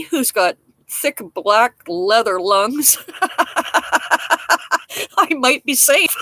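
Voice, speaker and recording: A woman's voice: on the high side, a bit bright, no echo. A woman hosting a casual live-stream chat outdoors in a damp garden, talking frankly and rambling, mocking herself with frequent chuckles and the odd cough. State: coughing now and then. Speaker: livestream host chatting with viewers.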